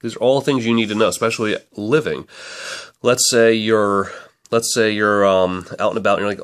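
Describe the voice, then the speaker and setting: A man's voice: medium pitch, normal speed, a bit bright. A man casually reviewing a language book, chatty and rambling, often correcting himself mid-sentence.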